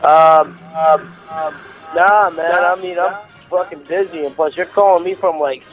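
A man's voice: fairly high pitch, steady tone, unhurried, highs cut off, faint music behind. A man woken by a prank call, groggy and irritated, swearing back.

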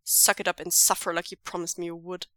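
A gruff, impatient young man snaps short, scolding lines down the phone, as a woman reader puts him on. His voice sits a touch lower and punchier than the narration around it, recorded close and dry with no room sound. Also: little pitch movement, fast talker, pushed and bright, no echo. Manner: clipped, brusque and scolding.

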